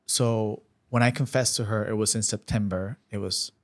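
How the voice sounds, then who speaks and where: A man sharing an emotional personal testimony as a podcast guest, speaking earnestly and haltingly with many restarts. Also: fairly low pitch, fairly even intonation.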